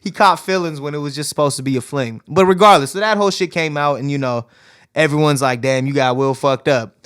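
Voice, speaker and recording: A man's voice: fairly high pitch, brisk, a bit bright, clean tone. A young man co-hosting a podcast in casual chat, laid-back, swearing often and laughing. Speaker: podcast co-host.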